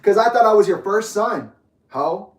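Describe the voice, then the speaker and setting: A man's voice: high-pitched, lively intonation, moderate pace. A young man telling his story in an angry personal monologue, bitter, sarcastic and swearing often. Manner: bitter, sarcastic, profane ranting. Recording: echoey room, voice from a distance.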